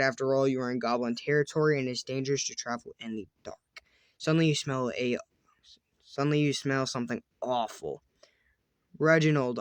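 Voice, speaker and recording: A man hosting a let's-play reads a text adventure aloud and adds casual, chatty commentary, often stumbling over words, restarting, and using fillers. His fairly high voice is smooth, with no echo.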